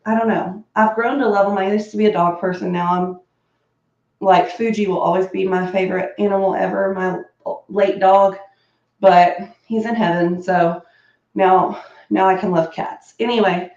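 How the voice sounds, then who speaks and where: A woman's voice: mid-range voice, roomy sound, dull audio. A woman chatting casually while getting ready at home, bubbly and rambling, laughing often and prone to coughing fits. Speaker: beauty vlogger. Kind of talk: casual chat.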